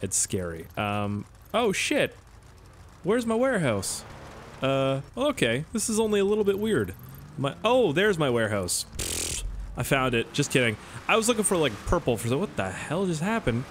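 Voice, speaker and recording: A man's voice: on the high side, big pitch swings, normal speed, a little hiss or hum. A young Canadian man with a Canadian accent giving rambling, joking gameplay commentary and swearing often. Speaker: gaming YouTuber.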